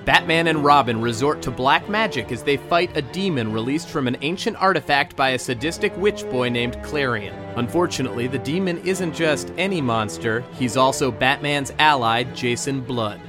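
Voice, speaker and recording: A man's voice: medium pitch, normal speed, few pauses, music in the background. A man hosting a comedic podcast, upbeat and jokey, sometimes slipping into a mock newscaster read. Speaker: podcast host.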